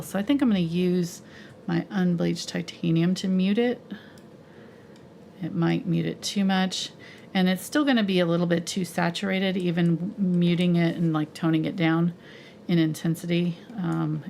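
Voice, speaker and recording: A woman's voice: lowish voice, gravelly, a little mellow, slight background noise. A woman teaching a live painting tutorial, chatty and explaining each step as she mixes her colours, laughing easily. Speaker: painting instructor.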